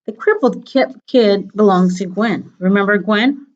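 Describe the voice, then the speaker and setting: A woman's voice: medium pitch, highs cut off, close to an everyday voice. A woman reading a nervous, shifty bearded crook. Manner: nervous, fast-talking.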